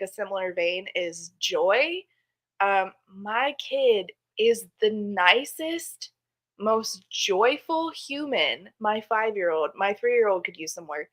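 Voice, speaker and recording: A woman, a mother of two young boys, chatting on a video call panel with lots of laughter. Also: mid-range voice. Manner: warm, gushing, laughing often. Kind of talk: casual panel talk.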